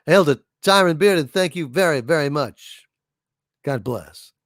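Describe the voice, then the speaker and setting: Male stream host, animated and joking, gravelly, slightly high. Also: measured pace, no room sound, clean studio sound. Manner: animated, reads viewer messages and tells jokes. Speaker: livestream host. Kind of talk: casual live-stream chat.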